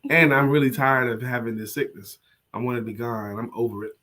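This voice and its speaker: A man co-hosting a motivational show, talking slowly and softly while he recovers from an illness. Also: medium pitch. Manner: slow, tired, soft-spoken. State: sick, low energy, recovering from covid. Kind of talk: casual chat.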